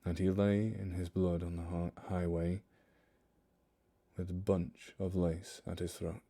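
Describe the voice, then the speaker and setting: Low-voiced man giving a hushed dramatic poem reading. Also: level tone, measured pace. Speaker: livestream narrator.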